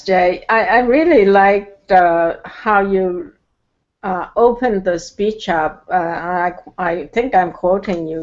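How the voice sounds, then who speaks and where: A woman guest from Canada speaking slowly and carefully, with many pauses and fillers. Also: mid-range voice, dull audio. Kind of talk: casual chat.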